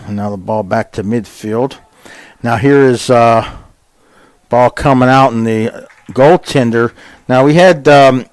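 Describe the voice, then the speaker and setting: A man doing casual, folksy play-by-play for a high school soccer game, chatty with plenty of fillers and quickening when a shot comes. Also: dry recording. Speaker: play-by-play announcer. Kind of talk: casual sports commentary.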